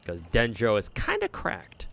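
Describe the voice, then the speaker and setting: A man's voice: mid-range voice, huge pitch swings, measured pace, gravelly, pushed and bright, slight background noise. A man streaming a game, giving casual commentary and rambling with lots of swearing and restarts. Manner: rambling, profane, frequent fillers and restarts.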